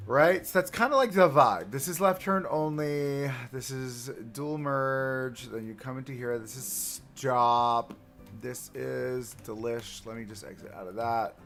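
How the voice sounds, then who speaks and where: With a gravelly but fairly bright mid-range voice, a livestreamer speaks a little slowly while building in a game. He chats with his viewers and jokes at his own expense as soft music plays underneath.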